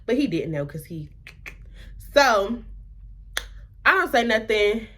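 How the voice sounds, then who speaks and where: A woman's voice: fairly high pitch, big pitch swings, slow pace, fairly bright tone. A young woman from the American South telling a dramatic personal story in a casual vlog, full of rhetorical questions and quoted dialogue. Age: young adult. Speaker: vlogger.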